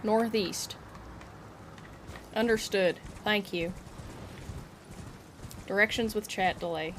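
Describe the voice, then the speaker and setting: A woman streamer chatting casually while she plays, answering her chat with playful asides. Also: medium pitch. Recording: clear game noise under the voice.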